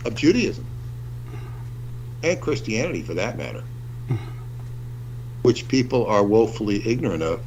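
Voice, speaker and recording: A male livestream co-host with a low voice, who speaks very slowly and deliberately. His audio comes through dull and lo-fi, with a faint hum behind it. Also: darkish tone. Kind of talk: livestream discussion.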